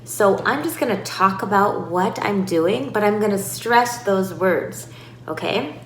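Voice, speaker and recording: A woman speech-language pathologist giving calm, clear instructions to parents and breaking into lively demonstrations now and then. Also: medium pitch, unhurried. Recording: echoey room with faint noise.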